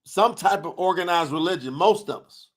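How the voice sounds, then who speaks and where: Animated high-voiced man reading chat. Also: normal speed. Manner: animated, preacher-like, shouts at times. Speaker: religious talk host. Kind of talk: livestream talk reading chat comments.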